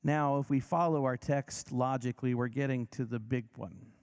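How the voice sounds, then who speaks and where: A man preaching a sermon, emphatic and dramatic, who slows down and speeds up, drops to a near whisper and rises again, and leads his listeners in repeating lines. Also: medium pitch, fairly even intonation, darkish tone. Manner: emphatic, varies pace and volume for effect.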